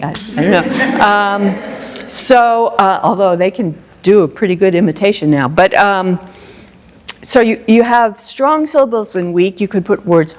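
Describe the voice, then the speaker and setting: A woman's voice: medium pitch, expressive, unhurried. Woman flute teacher, mid-range voice, explains patiently and sings short examples to a class. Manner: explanatory, sings little phrases, asks the class questions. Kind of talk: masterclass teaching. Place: music store event space.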